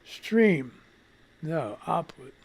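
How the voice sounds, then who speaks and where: A man's voice: on the high side, lively intonation, drawn-out words, creaky. A man hosting a live radio show, muttering and swearing in frustration while fixing his stream setup. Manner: swears casually. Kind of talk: casual live-stream commentary.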